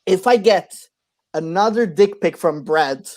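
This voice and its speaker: A man's voice: high voice, animated, a little slow, darkish tone. A man from Portugal doing a crude, laughing stand-up story over a video call, with lots of fillers. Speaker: stand-up comedian. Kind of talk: stand-up set and banter.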